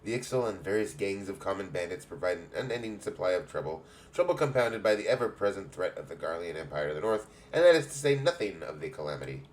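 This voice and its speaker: With few pauses and a quick pace, a man reads game lines in a low, lively voice, portraying a stately, motherly guild leader for adventurers. He adopts a fake English accent and grand, archaic wording, and the audio carries a slight hiss or hum.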